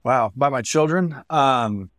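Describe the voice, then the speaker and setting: A male podcast guest speaks in an earnest, reflective way, thinking aloud as he answers. His voice sits at an ordinary middle pitch for a man. The recording is dry and close, with no echo. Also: slow, a bit bright. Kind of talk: reflective interview chat.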